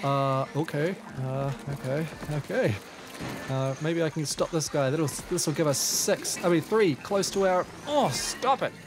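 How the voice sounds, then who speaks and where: A man with a New Zealand accent commentating his own gameplay, excitable, with frequent exclamations and self-deprecating asides. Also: fairly high pitch, measured pace. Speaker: gaming YouTuber. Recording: game music playing underneath.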